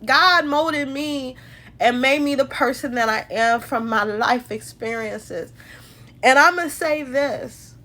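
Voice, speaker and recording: A woman's voice: high-pitched, slow, sharp tone. A woman hosting a phone livestream, talking heartfelt and emotional about her faith, calling her viewers y'all. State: tearful at times. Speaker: livestream host.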